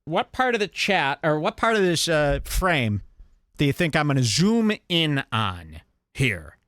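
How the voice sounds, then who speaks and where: A man's voice: big pitch swings, a little slow, fairly bright tone, no echo, studio quality. A man hosting a podcast, ranting crudely and mockingly in a comedic style. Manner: mocking, exaggerated, swings pitch wildly. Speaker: podcast host.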